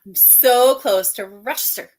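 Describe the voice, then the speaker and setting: A woman's voice: on the high side, unhurried, darkish tone. A woman hosting a livestream in casual chat over a video call. She reads out viewer comments, laughs often and stumbles over her words. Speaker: livestream host.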